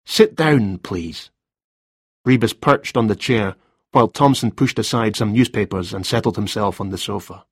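Man, measured audiobook narration, low pitch, husky tone. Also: dry recording, clean studio sound. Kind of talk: scripted narration of a crime novel.

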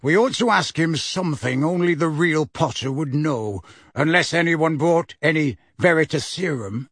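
A man's voice: a little high, expressive, moderate pace, fairly bright tone, no room sound, clean studio sound. A man voicing a grizzled, suspicious old wizard who growls and barks his words in a storybook reading. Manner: growling, barking.

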